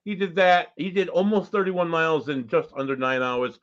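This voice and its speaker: A man's voice: fairly high pitch, normal speed. Laid-back man co-hosting on dull lo-fi audio. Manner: laid-back, loose, swears casually. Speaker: podcast co-host. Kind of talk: casual chat.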